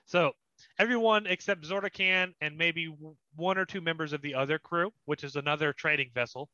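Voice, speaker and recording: A man running a tabletop game as dungeon master, describing scenes with pauses and fillers. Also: a little high, pushed and bright, clear, resonant tone, dry recording. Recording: slightly muffled dry recording.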